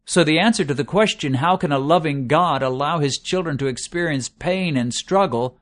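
A man preaching a sermon, earnest and measured. His voice sits a little higher than most men's, and he slows right down to lean on each word in a list. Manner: measured, earnest preaching with slowed emphatic lists.

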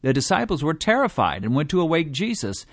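Man, preacher, measured reading, animated pitch, dry sound. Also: dry recording. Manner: measured, slows down to stress quoted scripture. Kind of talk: reading a devotional teaching.

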